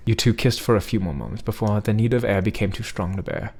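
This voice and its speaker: A man's voice: on the low side, slight background noise. A man reading fan fiction aloud in a dramatic, theatrical storytelling way. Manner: expressive, theatrical storytelling delivery. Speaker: story reader.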